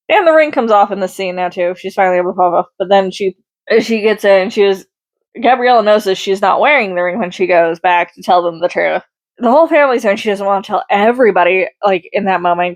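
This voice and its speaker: A woman's voice: mid-range voice, creaky, no echo. A woman giving a casual spoken movie review, rambling, correcting herself mid-sentence and adding chatty asides. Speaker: film reviewer.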